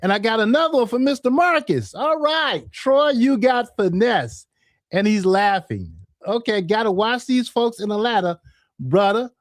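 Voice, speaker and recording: A man's voice: high-pitched, normal speed, no echo, studio quality. A man hosting a casual livestream, chatting animatedly and laughing at himself. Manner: animated, self-mocking, laughs often. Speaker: livestream host.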